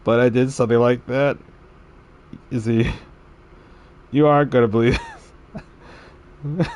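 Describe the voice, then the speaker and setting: A man's voice: medium pitch, a little slow, pauses often. A man streaming a game, chatting casually and telling rambling stories with frequent chuckles. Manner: rambling, chuckling, animated storytelling. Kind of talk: casual chat on a livestream.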